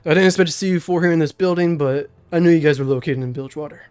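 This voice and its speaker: Young man playing secretive old mage in a tabletop game: grave, measured, a bit groggy, voice still sits fairly high. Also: a little mellow, clean tone, faint music behind, close to an everyday voice. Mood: solemn. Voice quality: slightly lowered, groggy-sounding voice. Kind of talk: game master voicing a character.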